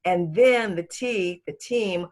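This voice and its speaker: A woman's voice: on the low side, takes it slowly, a little mellow. A woman executive coach being interviewed, giving advice emphatically and repeating words for stress.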